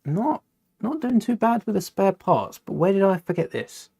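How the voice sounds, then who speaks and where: A man's voice: sits high, very animated, normal speed, creaky, mellow, slightly rough. A young man hosting a casual live stream, chatting and thinking aloud while building, often correcting himself mid-sentence.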